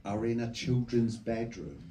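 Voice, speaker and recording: A film director talking onstage before a live audience, reminiscing in a relaxed, measured way. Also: male voice, medium pitch. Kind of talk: onstage conversation. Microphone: stage mic recorded from the audience. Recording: distant, echoey hall recording with faint noise.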